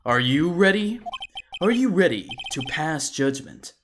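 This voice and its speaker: A man's voice: fairly high pitch, sing-song, measured pace, noisy background. A man voicing a cool, cocky masked prosecutor from a video game, speaking in a smug, taunting way.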